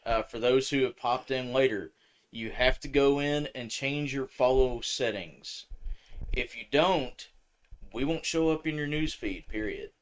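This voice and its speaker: A man's voice: mid-range voice, smooth. Chill guy cohosting a live stream, mid voice, laughs a lot, swears casually. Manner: laid-back, laughs often, swears casually.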